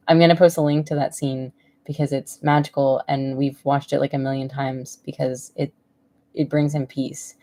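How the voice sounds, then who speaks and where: Low gravelly woman livestreaming from home. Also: level tone, unhurried, long pauses, warm tone. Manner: emotional, rambling, laughs often. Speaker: vlogger. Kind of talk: casual live-stream chat.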